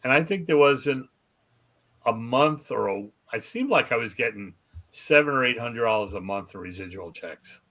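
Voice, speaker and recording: A man with a bright, forward voice, a magician and comedian, tells showbiz stories in a relaxed podcast chat. He keeps breaking into other people's voices as he acts out the quotes in his tale. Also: medium pitch, normal speed. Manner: animated storyteller acting out quoted voices.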